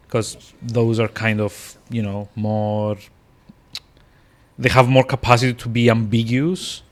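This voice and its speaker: A man's voice: lowish voice, vocal fry. A man streaming a video game, rambling with lots of fillers and restarts as he plays. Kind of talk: casual gameplay commentary.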